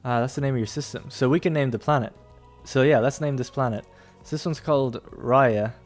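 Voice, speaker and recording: A young man talks his way through a strategy game stream, chatty and loose, often trailing off into laughs. His voice sits in a middle pitch, with faint music playing underneath. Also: a little fast. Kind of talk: casual gameplay commentary.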